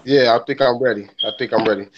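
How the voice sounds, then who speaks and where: A young man, a guest on a podcast, chatting crudely and excitably, jumping from shocked outbursts to low mumbled asides. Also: quick pace, muffled recording, crowd noise. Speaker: guest musician. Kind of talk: casual profane interview chat.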